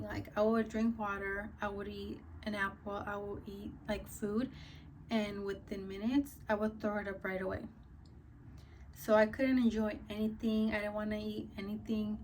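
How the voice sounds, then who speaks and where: A woman's voice: mid-range voice, a little mellow, distant mic, a little hiss or hum. A young woman vlogger telling a casual story, chatty and full of "like" and "um", a little out of breath. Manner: chatty, many fillers like "like" and "um".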